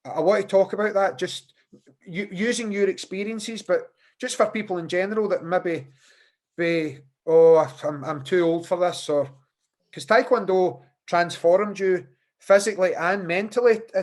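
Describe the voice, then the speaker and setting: A man's voice: high voice, steady tone, normal speed. A man hosting a podcast interview over a video call, chatty and often repeating words as he thinks. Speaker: podcast host.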